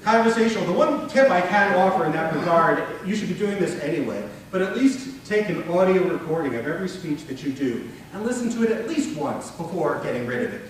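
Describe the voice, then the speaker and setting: A man teaching a room full of people how to give better speeches, keeping it conversational and animated. His voice sits a little high. The recording picks him up from a distance in a hall with heavy echo. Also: fairly quick, few pauses, a little hiss or hum. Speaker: workshop presenter. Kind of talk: conference breakout talk. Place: conference room before an audience. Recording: very echoey room recorded from afar.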